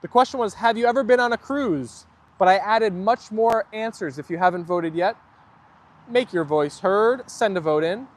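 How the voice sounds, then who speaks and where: High-voiced chatty male stream host. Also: moderate pace. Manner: chatty, reads viewer comments aloud and answers them. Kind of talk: casual live stream chat.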